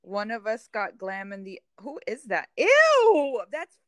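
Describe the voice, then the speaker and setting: A woman's voice: medium pitch, fairly even intonation, moderate pace, a bit bright, no room sound. Profane gossiping woman co-host, dry sound. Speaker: podcast co-host. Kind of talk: casual chat.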